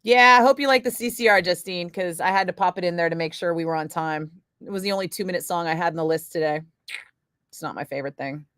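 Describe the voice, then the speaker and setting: A woman's voice: lowish voice, fast talker, fairly bright tone, clear, resonant tone, dry recording, studio quality. A woman radio DJ telling a rambling story in casual on-air chat, full of filler words. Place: radio studio.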